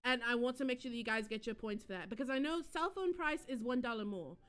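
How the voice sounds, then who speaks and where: A young woman hosting a live stream, chatting casually with her viewers and breaking into excited shrieks and giggles. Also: a little high, fast. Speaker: livestream host.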